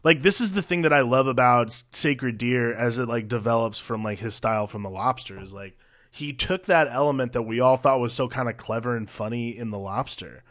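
Man, podcast co-host, casual film talk, animated, swears a lot, middle pitch. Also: brisk. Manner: animated, swears freely, acts out quoted lines.

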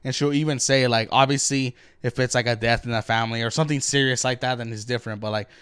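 A man's voice: mid-range voice, fairly even intonation, fast talker, fairly bright tone, clear, resonant tone, dry recording, clean studio sound. A young man co-hosting a podcast, ranting bluntly and profanely in casual chat. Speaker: podcast co-host.

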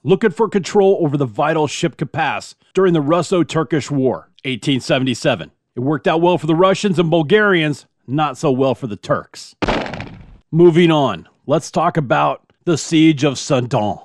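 A man's voice: on the high side, expressive, normal speed, dry recording, clean studio sound. A man hosting a history podcast, reading through a list in a chatty, self-deprecating way. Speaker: podcast host. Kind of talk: informal history podcast narration.

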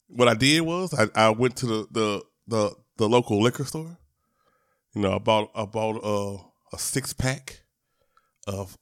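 A man's voice: fairly low pitch, a bit bright, dry recording, clean studio sound. A man hosting a podcast, telling a personal story in a chatty way, restarting his words and talking to listeners as y'all. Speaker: podcast host. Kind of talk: casual storytelling monologue. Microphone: podcast microphone.

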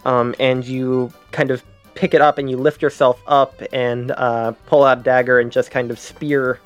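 A man's voice: mid-range voice, little pitch movement, normal speed, soft background music. A man narrating as game master in a tabletop game, rambling loosely with many fillers.

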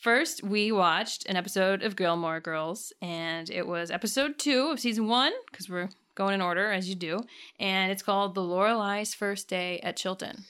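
A young woman co-hosts a casual podcast, steering the conversation with a dry, teasing manner. Her voice sits at a middling pitch for a woman. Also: normal speed, fairly bright tone, smooth. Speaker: podcast co-host. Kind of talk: casual chat.

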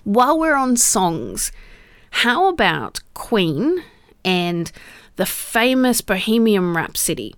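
A woman's voice: mid-range voice, clear, resonant tone, no room sound. A woman hosting a solo podcast in a casual, chatty way, often laughing and asking the listener "right?". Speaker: podcast host.

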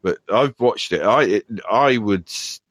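A podcast host with a very deep voice, telling rambling stories with frequent chuckles. The sound is dry and close. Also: male voice, animated, measured pace, a bit bright, dry recording. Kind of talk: casual podcast chat.

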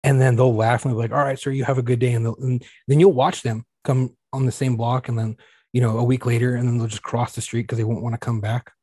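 A man's voice: medium pitch, level tone, fast talker, warm tone, husky, no room sound, clean studio sound. A man co-hosting a podcast, telling crude, joking anecdotes in casual chat.

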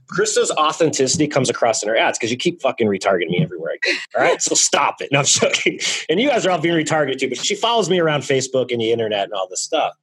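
A man guest in a casual interview, talking in energetic, joking bursts about his marketing business. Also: a little high, slightly rough, low-quality recording. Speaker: guest, real estate marketing business owner.

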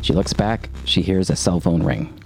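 A man's voice: deep voice, normal speed, vocal fry, music in the background. A man in a casual podcast chat, recapping a film's plot in an easygoing way.

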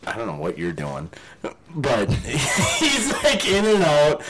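A man's voice: medium pitch, huge pitch swings, slow, music in the background, poor audio. A man hosting a casual podcast chat, laughing often and telling rambling stories with a slight slur. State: tipsy. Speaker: podcast host.

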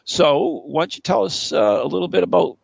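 Middle-aged male radio host, rambling and self-deprecating; dry, gravelly delivery. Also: high-pitched, brisk, no room sound, muffled recording. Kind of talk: casual call-in radio chat.

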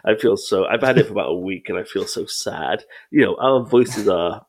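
A man's voice: on the low side, animated, moderate pace, background noise. A man co-hosting a casual podcast chat, teasing and laughing often, sounding thick-tongued after face surgery. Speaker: podcast co-host.

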